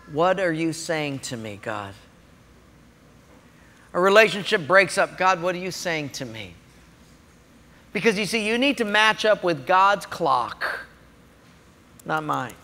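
A male pastor preaching a sermon, telling stories in an animated way and speaking directly to listeners. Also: sits high. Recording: long hall reverb.

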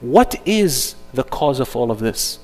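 A man teaching an interactive religious workshop, animated and firing rhetorical questions at his audience. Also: mid-range voice, unhurried, big-room sound, faint music behind.

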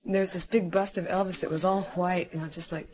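A woman's voice: on the low side, fairly even intonation, a little fast, darkish tone. A young American woman musician, a guest in an interview, telling stories in a playful, joking way and laughing often. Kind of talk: casual storytelling conversation.

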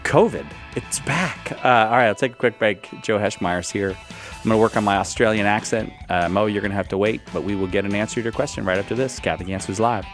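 A man's voice: fairly low pitch, steady tone, fast, soft background music. A man hosting a call-in radio show, reading listener questions and joking with his guest, laughing often. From United States. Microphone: studio microphone.

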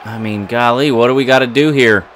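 A man commentating his own wrestling video game play, excitable and trash-talking his opponent. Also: medium pitch, fairly quick, a little hiss or hum. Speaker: gaming commentator.

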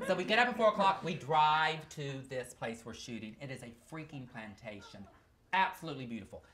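A man reading from his comic memoir, telling the story in an animated, exaggerated way. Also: mid-range voice, a little fast. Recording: noisy live recording.

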